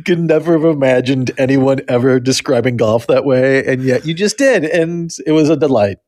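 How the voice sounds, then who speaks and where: A man's voice: medium pitch, a little mellow, no echo, studio quality. Easygoing man co-hosting a podcast. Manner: easygoing, laughs often, drawn-out storytelling. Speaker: podcast co-host. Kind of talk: casual chat.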